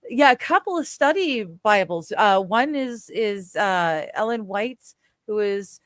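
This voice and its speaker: A woman's voice: mid-range voice, lively intonation, takes it slowly, fairly bright tone, no echo, studio quality. A woman in her forties hosting a casual chat podcast, giggly and rambling, full of fillers and restarts. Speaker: podcast host.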